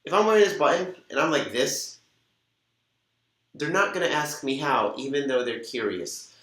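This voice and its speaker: A man's voice: on the high side, lively intonation, normal speed, a bit bright. A man hosting an instructional video, coaching viewers in an upbeat way and acting out sample conversations. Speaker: host and weight-loss coach. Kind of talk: instructional talk to camera. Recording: echoey room.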